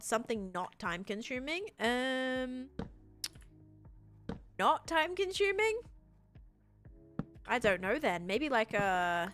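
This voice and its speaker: A woman's voice: medium pitch, a bit bright. Bubbly Australian woman streaming a game. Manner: chatty, reads and answers chat while building, bubbly. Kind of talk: casual live-stream chat while gaming.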